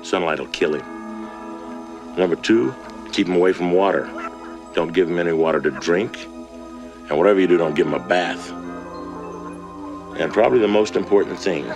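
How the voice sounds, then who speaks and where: An actor in a film clip playing a solemn man who lays down strict warnings in a grave, measured way. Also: deep voice. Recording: film clip with music under it.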